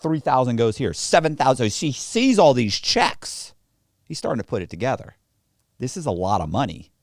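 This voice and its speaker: A male podcast guest with a medium-pitched voice tells stories at a moderate pace in a casual interview, animated and often swearing while acting out other people's voices. The podcast studio sound is clean, with no room sound.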